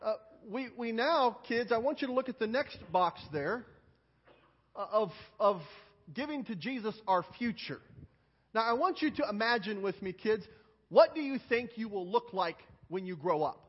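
A man's voice: high voice, lively intonation, moderate pace, breathy edge. A man giving a children's sermon as pastor, coaxing the children with many questions and often repeating words as he starts a sentence. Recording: long hall reverb, dull lo-fi sound.

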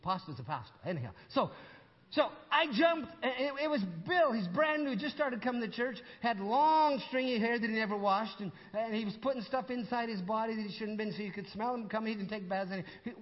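An older man preaching a sermon as a lively story, acting out conversations and speaking asides to his congregation. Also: high voice, fairly quick. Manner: animated, acts out dialogue, asides to audience. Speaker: pastor. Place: church hall with audience. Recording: dull sound in long reverb hall.

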